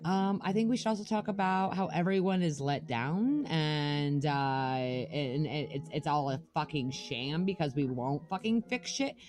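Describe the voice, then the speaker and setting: A woman's voice: low-pitched, lively intonation, a little slow, hardly any pauses, a little mellow, faint music behind. Young woman, podcast co-host, heated profane rant, casual chat. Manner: angry, profane ranting.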